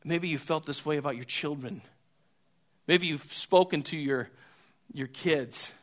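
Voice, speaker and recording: A male pastor with a bright, forceful voice pitched a little high delivers a sermon. He swings between soft, hushed stretches and loud, raised passages. He often doubles a word as he restarts a phrase. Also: measured pace.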